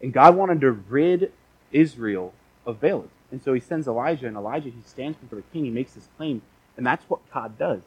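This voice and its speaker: A man preaching a sermon, telling a scripture story in casual modern words with lively restarts, and reading passages aloud. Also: medium pitch, a little fast, breathy edge, dull audio. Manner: reads scripture aloud in old-fashioned wording.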